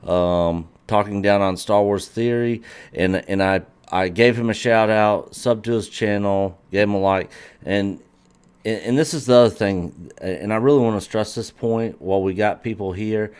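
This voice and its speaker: A man co-hosting a casual livestream, speaking earnestly in halting phrases and repeating words as he restarts. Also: lowish voice, steady tone, darkish tone, clear, resonant tone. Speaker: livestream host.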